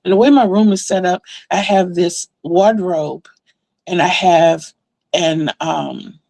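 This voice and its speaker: Speaking slowly in a lowish voice with vocal fry and a slightly mellow quality, a woman who vlogs about crafting recounts a dream. Her telling is casual and chatty, loaded with fillers and laughs between sentences, with no room sound.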